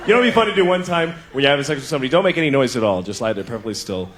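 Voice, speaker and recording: A man performing a stand-up comedy set, telling profane, conversational stories and acting out other voices in quick bursts. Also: medium pitch, noisy background. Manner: animated storytelling, acts out other voices in bursts. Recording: live club with audience laughter. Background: audience laughter.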